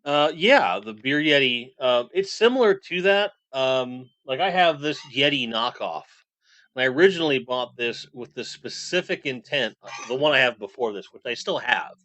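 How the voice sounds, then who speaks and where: Man in his 40s, live stream chat, bright tone, dry close sound, rambling. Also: medium pitch, lively intonation, moderate pace, dry recording. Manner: reads chat aloud and rambles.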